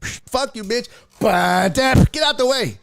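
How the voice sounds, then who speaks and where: A man's voice: very high voice, animated, measured pace, gravelly, fairly bright tone. A man hosting a sports stream, telling a story with lots of cursing and quoted voices. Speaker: sports show host. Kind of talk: casual livestream chat and storytelling.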